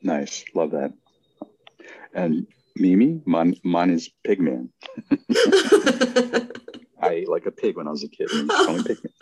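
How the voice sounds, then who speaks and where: A man hosting a podcast, asking relaxed questions and giving affirming replies. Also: deep voice, moderate pace, husky, dry recording, poor audio. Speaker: podcast host. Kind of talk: casual interview questions.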